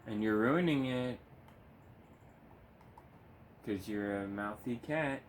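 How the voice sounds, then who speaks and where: A gaming video creator at home gives casual, laid-back commentary on his gameplay, swearing freely and cooing at his cat between remarks. His voice is lowish and slow, with slight background noise.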